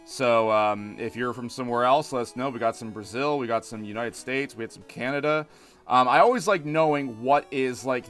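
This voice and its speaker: A man in his thirties chats casually while streaming a game, his talk loose and rambling with plenty of restarts. His voice is medium in pitch with a fairly bright tone.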